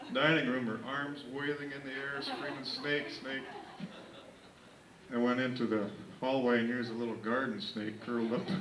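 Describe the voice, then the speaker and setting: A man in his thirties telling rambling, folksy family stories in a casual party speech. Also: medium pitch. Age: 30s. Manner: folksy, rambling storytelling with fillers. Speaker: grandson giving a party speech. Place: indoor family birthday party. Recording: echoey room, distant camcorder mic, faint hiss.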